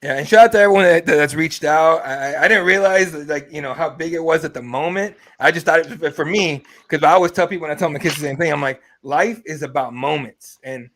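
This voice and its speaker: Brief: young male podcast host, rapid and a bit high, excitable and swearing freely. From Mexico. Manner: excited, profane storytelling. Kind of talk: casual podcast chat.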